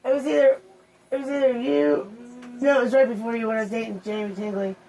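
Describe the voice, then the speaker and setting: A woman hosting a casual story time, rambling along with crude language and loose asides among her friends. Her voice sits a touch high. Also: little pitch movement, quick pace, warm tone, dull audio. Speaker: host.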